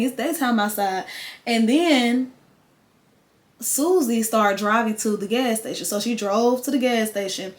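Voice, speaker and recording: A young woman, casually telling a storytime tale to her viewers with quoted voices. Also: mid-range voice. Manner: chatty, animated retelling with quoted voices. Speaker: vlogger.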